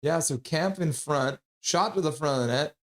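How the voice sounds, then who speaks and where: A man streaming live play-by-play commentary, joking with viewers between calls and getting loud and excited on big plays. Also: fairly high pitch, moderate pace. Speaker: streamer calling the game live.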